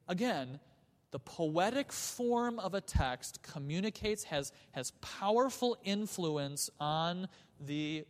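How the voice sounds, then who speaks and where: A man's voice: on the high side, big-room sound. A man teaching a class on church music, earnest, often repeating himself and chanting rhythms aloud. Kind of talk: classroom lecture.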